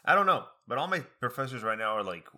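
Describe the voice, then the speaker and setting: A young man and college student chatting casually, rambling with many fillers and slipping into high impressions of other people. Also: big pitch swings, pushed and bright. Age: young adult. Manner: quick, many fillers and restarts. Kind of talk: casual chat.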